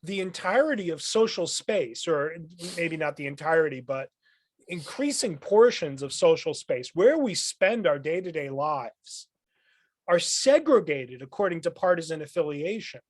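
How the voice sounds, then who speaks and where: A man, a philosophy professor, explaining ideas as a guest on a podcast in a thoughtful, lecturing way, often pausing with "um" and restarting his phrases. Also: fairly high pitch, very animated, no echo, studio quality. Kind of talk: podcast interview.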